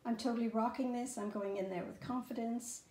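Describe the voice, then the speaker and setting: A woman's voice: fairly high pitch, fairly even intonation, a little fast, mellow, roomy sound. A middle-aged woman showing outfits and perfumes in a home vlog, gushing and enthusiastic, with plenty of fillers. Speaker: fashion and fragrance vlogger. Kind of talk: casual show-and-tell vlog. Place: bedroom at home.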